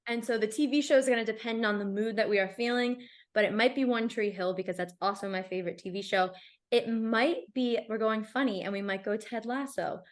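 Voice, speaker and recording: A woman's voice: on the high side, brisk. A young adult woman chatting casually as a podcast guest, talking openly with a lot of "like" fillers. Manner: chatty, frequent "like" fillers, animated. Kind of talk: casual chat.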